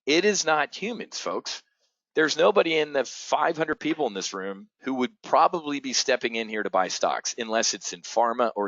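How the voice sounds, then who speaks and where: Excitable man hosting a trading webinar. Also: mid-range voice, dry recording, dull audio. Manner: excitable, swears, addresses audience as folks.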